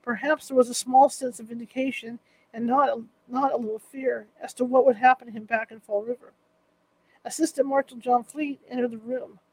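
A woman's voice: a little high, breathy edge, low-quality recording. A woman narrating a true-crime courtroom story in a vivid, dramatic manner.

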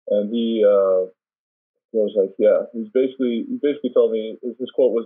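A man in his twenties, a volleyball player, telling a story in a relaxed interview and laughing often. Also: fairly low pitch, a little fast, husky. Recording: tinny phone-like call audio.

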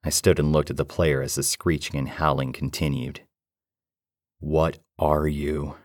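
Very deep man narrating horror. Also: little pitch movement, brisk, dry recording, studio quality. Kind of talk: first-person horror story narration.

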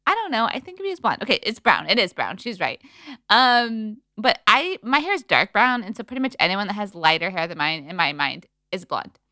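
A young woman co-hosting a casual chat podcast, chatty and expressive as she teases her co-host. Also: mid-range voice, a little fast, no echo, clean studio sound.

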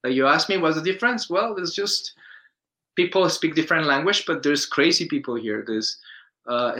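Animated Colombian-accented man, bright voice. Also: mid-range voice, rough recording. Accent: Colombian Spanish. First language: Spanish. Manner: animated storyteller, acts out quoted voices, restarts often. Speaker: interview guest. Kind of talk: casual conversational interview.

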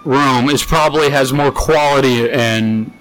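A man's voice: unhurried, soft background music. A man co-hosting a casual podcast, telling a story, swearing often and acting out what others said. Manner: animated, swears a lot, acts out quotes in high voices. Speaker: podcast co-host.

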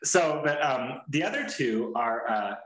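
A man's voice: medium pitch, lively intonation, unhurried, a bit bright. Guy rambling on a podcast, restarts a lot, swears, sounds like an echoey room. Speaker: podcast co-host. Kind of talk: casual podcast chat. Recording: roomy echo.

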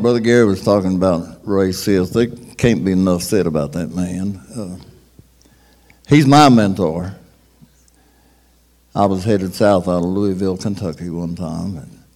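A man with a very deep voice gives an emphatic, plain-spoken testimony. He sounds distant from the mic. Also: a little slow, pauses often, a little mellow. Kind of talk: church testimony.

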